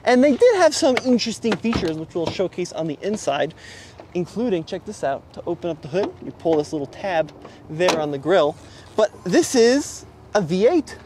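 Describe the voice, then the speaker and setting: High-voiced man reviewing cars. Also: very animated, moderate pace, noisy background. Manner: wry, sarcastic, enthusiastic showman. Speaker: co-host presenting cars. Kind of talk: casual car review chat.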